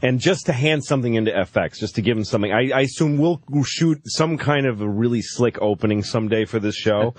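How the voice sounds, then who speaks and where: A man's voice: medium pitch, fairly quick, no echo. A middle-aged man, a comedian, telling profane stories on a casual radio talk show and laughing often.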